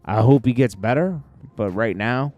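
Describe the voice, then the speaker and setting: A man's voice: medium pitch, moderate pace, muffled recording. A man hosting a casual celebrity news commentary, rambling with chuckling asides. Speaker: host.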